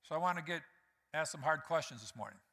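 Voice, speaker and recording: A male pastor delivers a conversational sermon, speaking straight to his congregation and acting out the lines he quotes. His voice is bright and forceful. It rings with the long reverb of a church hall. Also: on the high side, animated, fast talker. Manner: conversational preaching, acts out quotes, addresses congregation directly. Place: church sanctuary.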